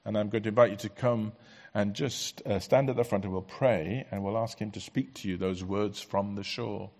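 A man preaching a sermon in a church, earnest and conversational, letting many lines drop soft. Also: lowish voice, fairly even intonation, moderate pace.

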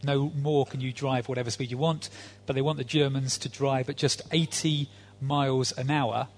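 A man's voice: mid-range voice, level tone, normal speed, a little hiss or hum. Conversational male preacher. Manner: conversational, hesitant with fillers, dry humor. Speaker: visiting preacher. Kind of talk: sermon.

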